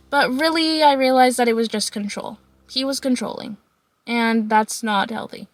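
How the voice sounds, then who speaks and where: Animated young woman telling a storytime. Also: normal speed, faint music behind. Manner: animated, laughing, acts out quotes in high voices. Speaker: vlogger. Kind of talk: storytime vlog.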